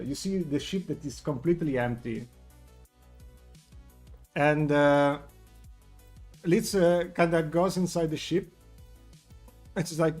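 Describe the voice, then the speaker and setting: A man narrating a tabletop game as game master, hesitant and full of fillers. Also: fairly high pitch.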